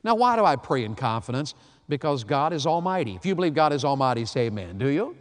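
A man, preaching a sermon, swinging from hushed to loud. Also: fairly high pitch, very animated, fast talker. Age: 50s. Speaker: pastor. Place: large church hall. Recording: long hall reverb.

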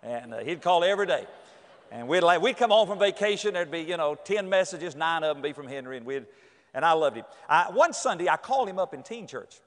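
A man's voice: on the high side, brisk. A middle-aged man from North Carolina, preaching a sermon full of folksy, humorous stories. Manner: folksy, lively storytelling. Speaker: pastor. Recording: echoey hall.

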